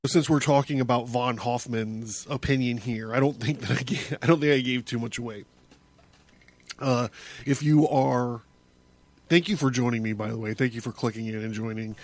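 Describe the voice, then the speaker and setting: A man's voice: medium pitch, steady tone, moderate pace. A man hosting his own podcast, talking through a casual solo monologue in a rambling way, with many restarts and chuckles. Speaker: podcast host.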